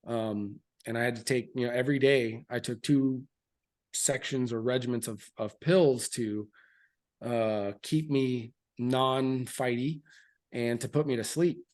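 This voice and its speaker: A man's voice: mid-range voice, fairly even intonation, a little slow, darkish tone. Frank man in his thirties. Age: 30s. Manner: frank and earnest, with loose fillers and restarts. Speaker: podcast guest, military veteran. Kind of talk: candid interview storytelling.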